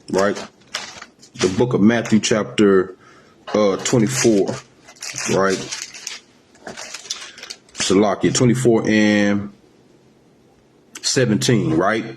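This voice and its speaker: A man's voice: on the low side, a little mellow, slight background noise. Emphatic preacher ending lines with "man". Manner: emphatic, ends phrases with "man" and "right?"; slows to a drawl when reading scripture. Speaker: street preacher. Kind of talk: sermon with scripture reading.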